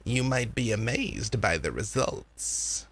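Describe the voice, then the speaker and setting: Sly old granny who talks to ghosts, slow and coaxing, bright voice, a man putting her on. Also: fairly low pitch, big pitch swings, heavily acted. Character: sly old grandmother hag who speaks with spirits.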